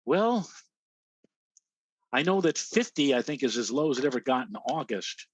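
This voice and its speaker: A man's voice: medium pitch, very animated, moderate pace, slightly rough. A man co-hosting a casual weather show, chatting loosely with plenty of fillers. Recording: dry, dull lo-fi audio.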